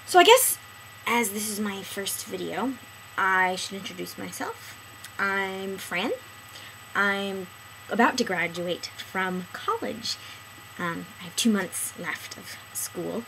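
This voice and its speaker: A young woman in her early twenties chats straight into the camera, her pitch leaping all over the place. Her tone is bright and sharp, and she keeps switching between excited outbursts and hushed asides. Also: slow pace, gravelly, a little hiss or hum, low-quality recording. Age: early 20s. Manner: animated, chatty, swings between excited bursts and quiet asides. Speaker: vlogger. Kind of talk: casual vlog monologue.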